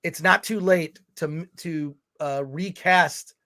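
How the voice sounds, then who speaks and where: A man's voice: on the high side, slow, bright, forceful tone. A man co-hosting a film livestream, ranting animatedly and reading viewer comments aloud. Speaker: podcast co-host reading chat.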